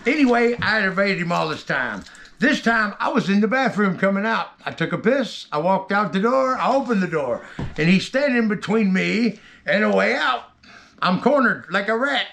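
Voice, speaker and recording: A man telling a rough story from his own past in casual, rambling talk, heavy with cursing. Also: high-pitched, fairly bright tone, slight background noise.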